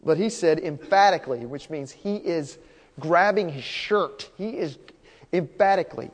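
A man's voice: a little high, moderate pace. A man preaching a sermon as pastor, earnest and repeating his key points for emphasis. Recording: long hall reverb.

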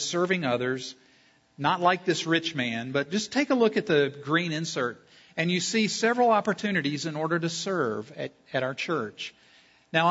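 A man preaching a sermon as a pastor at a church service. He talks emphatically, builds long spoken lists and slows down on key phrases. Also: on the high side, fairly bright tone, dull audio.

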